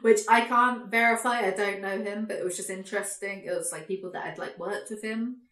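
A woman hosting a podcast, ranting in a casual chat, animated, sweary and sarcastic. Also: medium pitch, a little fast, roomy sound. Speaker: podcast host, YouTuber.

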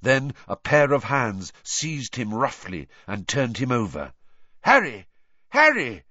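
A man narrating a novel as an audiobook, reading with expressive, dramatic storytelling. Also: medium pitch, a little slow, dry recording, highs cut off.

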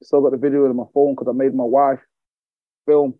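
A man tells a story as a podcast guest, candid and blunt and quick to swear. He leans on repeated phrases to drive his points home. The sound is dry and close, with a slightly dull, lo-fi quality. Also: mid-range voice, level tone, no echo. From England. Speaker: guest, fitness coach.

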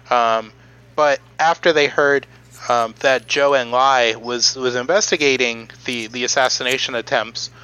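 Halting young man telling history. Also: medium pitch, bright, forceful tone, rough recording. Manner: halting, many "um" and "like" fillers. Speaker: podcast co-host presenting the history. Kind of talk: casual podcast chat, recounting history.

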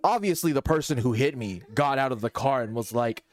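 A young man on a casual podcast, telling a long story among friends in an animated, rambling way and acting out what people said. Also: mid-range voice, a little fast, no room sound. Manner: rambling, animated, acts out quotes. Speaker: podcast co-host.

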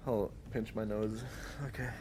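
A man's voice: lowish voice, flat delivery, unhurried, warm tone, slight background noise. A man playing a ship captain in a tabletop game, often stammering and restarting his words. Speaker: player voicing a ship captain. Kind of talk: tabletop role-play.

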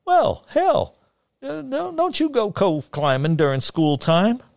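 A man's voice: sits high, huge pitch swings, takes it slowly, vocal fry, a little mellow, dry recording, clean studio sound, voice pushed up, exaggerated voice. A sing-song old backwoods man. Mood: folksy. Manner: rustic drawl with stammers.

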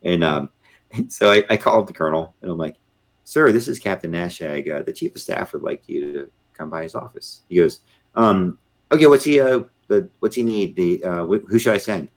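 A man's voice: sits low, expressive, normal speed. A middle-aged man, a former Marine officer, telling a story in a casual interview and acting out the voices of the people in it. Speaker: podcast guest, retired Marine officer.

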